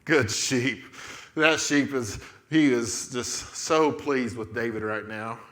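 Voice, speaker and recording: Male children's leader, slow and playful, coaching young actors through a Bible skit. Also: medium pitch, a bit bright. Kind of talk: playful Bible storytelling with kids acting.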